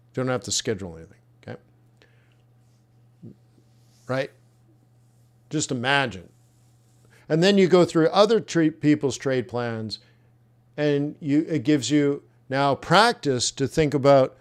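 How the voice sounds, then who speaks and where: During live webinar commentary, a male trading coach reviews trade plans, thinking out loud and responding with bluntness. His medium-pitched voice is expressive, at normal speed, broken by long pauses.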